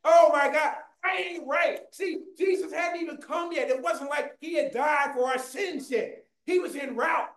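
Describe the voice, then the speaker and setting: A preacher delivering a fervent sermon, often shouting and calling out to the congregation, recorded in a church. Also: sits high, measured pace, hardly any pauses. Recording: echoey room.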